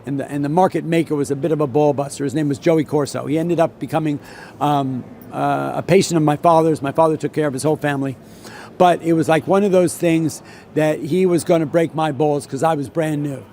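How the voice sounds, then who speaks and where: A man's voice: a little high, fairly even intonation, brisk, mellow, a little hiss or hum. Rambling older New man. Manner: rambling, many restarts and repeats. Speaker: veteran floor trader. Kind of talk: solo talk with anecdote.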